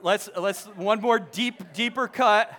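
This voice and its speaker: A young man speaking to a live audience, polling them with quick questions, full of halting restarts, then reading a book passage aloud. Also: sits high, a bit bright, soft background music. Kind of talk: lively talk to a crowd, reading aloud.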